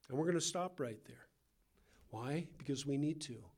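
A man with a Californian accent, teaching a Bible passage in a relaxed, conversational sermon with asides and questions to the listeners. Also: mid-range voice, moderate pace. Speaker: pastor.

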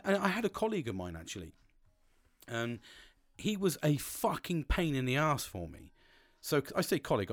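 A British man talking in a frank, rambling casual monologue, swearing freely as a podcast host. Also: medium pitch.

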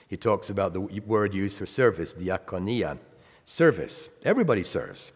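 A man's voice: low-pitched, big pitch swings, moderate pace, husky. A man preaching a sermon, reading scripture aloud and stressing key words as he explains them. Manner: emphatic, reads scripture with rising stress. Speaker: pastor. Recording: long reverb of a hall.

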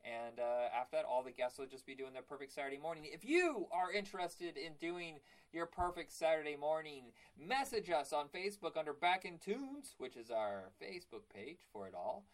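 A man's voice: on the high side, lively intonation, moderate pace, hardly any pauses, poor audio. A young man hosting a podcast in casual chat, rambling and stumbling over his words. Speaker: podcast host.

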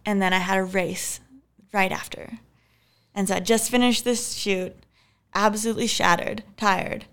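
A young woman tells a story in loose, casual podcast chat. Her voice is smooth and clear at a middle pitch. She fills her talk with "like" and "anyways" and laughs easily. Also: steady tone, moderate pace, a bit bright. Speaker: podcast guest.

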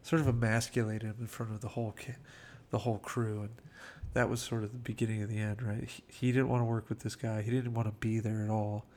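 A man's voice: lowish voice, flat delivery, quick pace, a little mellow. A man casually telling behind-the-scenes film anecdotes in a chatty way, acting out quotes. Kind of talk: casual storytelling commentary.

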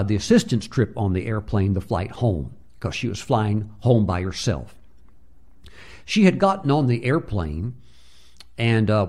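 A man's voice: fairly low pitch, a little mellow. A man preaching a sermon, telling a story with many filler uhs and acting out the voices he quotes.

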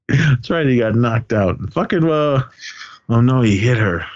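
With the high frequencies cut off in the recording, this man speaks slowly in a medium-pitched voice. As a podcast co-host, he chats casually about movie scenes, laughing a lot and animatedly performing bits of dialogue.

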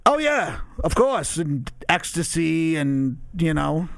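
Gravelly-voiced blunt man. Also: a little high, takes it slowly. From Long Island, New York. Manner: blunt, deadpan, unfiltered. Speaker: podcast guest. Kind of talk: casual crude storytelling.

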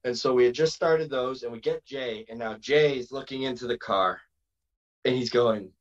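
A man, a pro wrestler guest, telling stories in a casual interview, lively and quick to slip into quoted voices and asides. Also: medium pitch, lo-fi sound.

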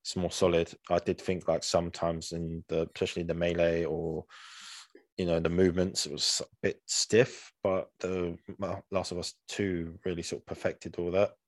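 This podcast co-host has a low voice with a level tone and normal speed, recorded with no room sound. His casual chat wanders, with frequent restarts and many uses of "man."

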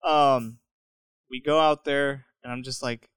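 A man's voice: medium pitch, slow, clean tone, no echo. A young man telling a story in casual chat, laughing often and acting out what people said. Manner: animated, laughing often, acts out quotes.

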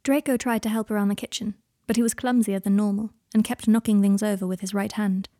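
Woman reading fanfic aloud, mellow low-key voice, dry close sound. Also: fairly even intonation, fairly quick, dry recording. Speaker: fan fiction reader. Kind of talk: audiobook narration.

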